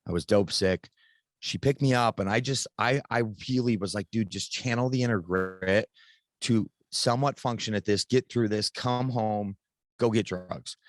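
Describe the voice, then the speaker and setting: A man's voice: on the low side, normal speed, no echo. A man in his thirties, a podcast guest, telling a personal story in a casual, frank way and swearing freely.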